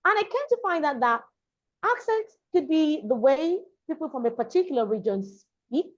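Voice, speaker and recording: The recording is muffled and lo-fi. In it, a woman from Lagos, Nigeria, who teaches diction and public speaking, answers interview questions emphatically and keeps repeating her main points, her high voice very animated at normal speed.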